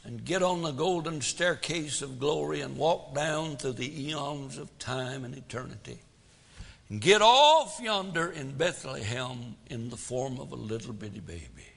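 Folksy preacher, gravelly, booming hall. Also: male voice, expressive, measured pace, fairly bright tone. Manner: folksy, rhetorical questions, dramatic swells and drops. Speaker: pastor. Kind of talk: sermon.

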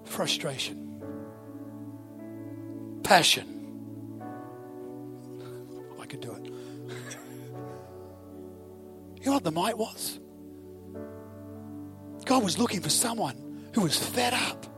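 A man with an Australian accent preaching a sermon, telling the story with animated asides and rhetorical questions to the audience. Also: high-pitched, slow, long pauses, over music.

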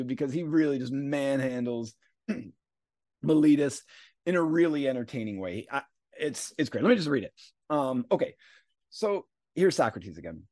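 Animated man hosting a podcast. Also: on the high side, dry recording, clean studio sound. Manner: animated, paraphrases quotes in a playful voice. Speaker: podcast host. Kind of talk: casual philosophy podcast explainer.

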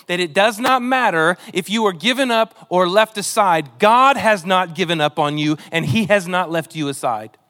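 A man's voice: high voice, a bit bright. A man preaching a sermon, earnest and emotional, reading scripture with a pleading, dramatic delivery. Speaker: pastor.

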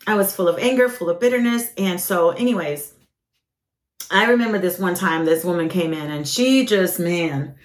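A woman hosting a ministry podcast, telling a personal testimony with lively acted-out quotes and plenty of fillers. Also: lowish voice, moderate pace, roomy sound. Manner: animated storyteller, acts out quoted voices, frequent fillers.

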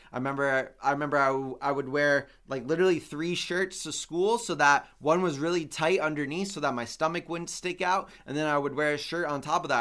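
A man's voice: fairly high pitch, fairly bright tone, clean tone. A young man hosting a fitness podcast, telling a personal story in an earnest motivational monologue full of fillers and repeated phrases.

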